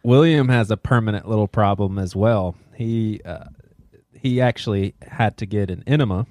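Low-voiced, chuckling male co-host. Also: moderate pace, a little mellow, dry recording. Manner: amused storyteller, chuckles mid-sentence. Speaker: podcast co-host. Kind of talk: casual chat.

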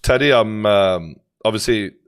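A male podcast host with a Geordie accent asking long, halting questions full of restarts. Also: on the low side, clean tone. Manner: halting, many restarts and fillers. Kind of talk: interview questions.

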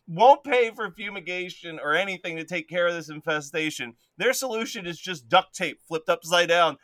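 A young man co-hosting a podcast in casual chat, telling animated stories and laughing often mid-sentence. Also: fairly high pitch, fairly quick, hardly any pauses, dry recording. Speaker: podcast co-host. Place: home basement.

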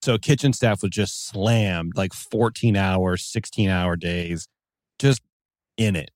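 A man co-hosting a casual podcast chat, talking in an animated, joking way and trailing off into asides. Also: sits low, takes it slowly, no echo, studio quality. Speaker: podcast co-host.

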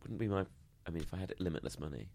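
A woman, co-hosting a casual chat with quick, playful reactions. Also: rumbling low, lively intonation, vocal fry, warm tone, slightly rough, no room sound, clean studio sound.

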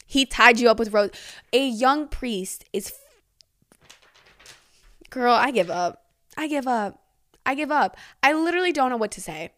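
A woman's voice: a little high, brisk. Giggly young woman podcast host. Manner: chatty, giggly, animated reactions. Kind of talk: reading and reacting to listener secrets.

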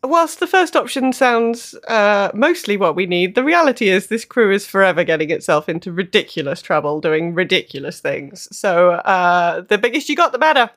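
A woman's voice: medium pitch, lively intonation, normal speed, few pauses, fairly bright tone. A woman speaking as a player in a tabletop role-playing game, polite and a little hesitant.

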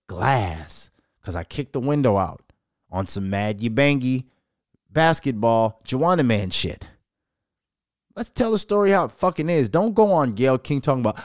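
A man hosting a podcast, ranting profanely in animated commentary and slipping into mocking voices. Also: mid-range voice, a little fast, no echo, clean studio sound. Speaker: podcast host.

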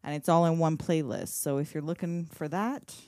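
A woman's voice: low-pitched, moderate pace, dry recording, studio quality. A woman in her thirties, a podcast co-host, recapping a film in casual chat and acting out the scenes. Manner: animated storytelling, acts out scenes.

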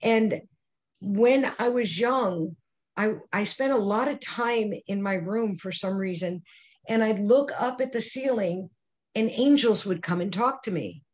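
Older female guest, animated storyteller, acts out quoted voices. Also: medium pitch, unhurried. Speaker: psychic medium guest. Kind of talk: storytelling interview answers.

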